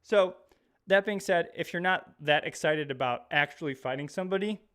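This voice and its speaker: A man's voice: on the high side, normal speed, fairly bright tone, clean tone. A man hosting a live stream, chatting upbeat and a little out of breath as he talks straight to his viewers. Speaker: host of an educational live stream. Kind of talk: energetic live-stream talk to chat.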